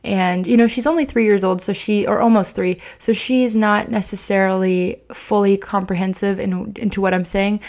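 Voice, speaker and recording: A woman's voice: medium pitch, steady tone, moderate pace, few pauses, a little mellow. A young woman hosting a podcast, speaking candidly and confessionally about parenting mistakes, with frequent fillers and restarts. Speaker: podcast host. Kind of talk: casual personal podcast talk.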